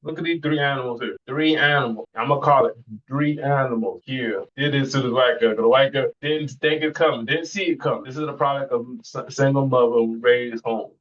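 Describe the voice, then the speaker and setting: A man talks in a middle pitch, ranting bluntly and circling back to the same phrases. The sound is a little muffled and lo-fi, like a casual podcast mic. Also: brisk, fairly bright tone. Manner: blunt, rambling, repeats phrases. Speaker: podcast host. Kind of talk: profane, heated reaction commentary.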